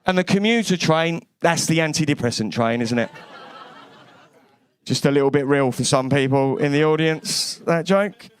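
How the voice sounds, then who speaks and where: Brash high-voiced London comedian. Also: male voice, moderate pace, clean tone. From East London. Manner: brash, swearing, cheeky. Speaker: stand-up comedian. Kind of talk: stand-up comedy set. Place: comedy club stage.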